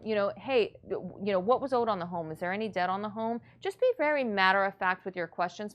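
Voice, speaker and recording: A woman's voice: medium pitch, smooth. Blunt, motivating woman real estate coach. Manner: blunt, matter-of-fact, motivational. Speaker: real estate investing instructor. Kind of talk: coaching lesson.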